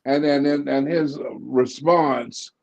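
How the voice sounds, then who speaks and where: A man's voice: a little high, steady tone, slow, gravelly, dull audio. A man with a Southern accent co-hosting a casual political chat show. He talks bluntly, often stammering and restarting his sentences. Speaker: co-host, cartoonist.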